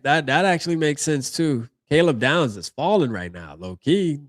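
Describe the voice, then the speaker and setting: A man's voice: fairly high pitch, lively intonation, moderate pace, few pauses, no echo, studio quality. A man hosting a live reaction stream, talking casually in slang and thinking aloud as he goes.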